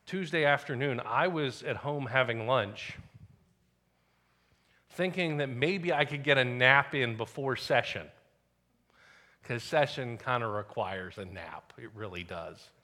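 A middle-aged man preaches from the pulpit with a bright, forward voice. He speaks like he is telling friends a story, at a medium pitch. Now and then he drops into quiet asides. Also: a little slow. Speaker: pastor. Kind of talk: sermon.

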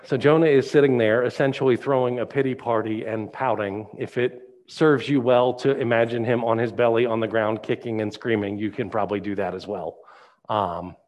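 A male pastor preaching a sermon, retelling a Bible story in a lively storytelling way. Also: medium pitch, moderate pace. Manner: animated storytelling.

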